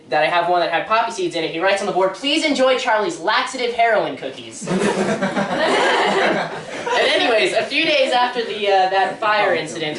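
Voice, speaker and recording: A teenage girl doing a stand-up comedy routine on a local theatre stage, rambling and self-deprecating, laughing at her own jokes. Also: mid-range voice. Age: teens. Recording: echoey room from far off.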